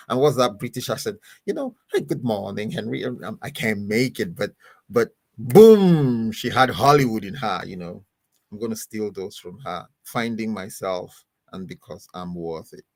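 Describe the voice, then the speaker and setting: A pastor hosting a podcast wraps up with a casual sign-off, rambling, chatty and often laughing. His voice is on the low side, and there's no room sound.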